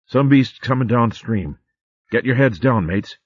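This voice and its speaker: A fierce female otter warrior with a blunt, rough way of speaking, as a male narrator puts her on. Her pitch is pushed up well above the reader's low voice. It comes through a narrow, phone-like band with no room echo. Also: lively intonation, measured pace. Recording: phone-like dry audio.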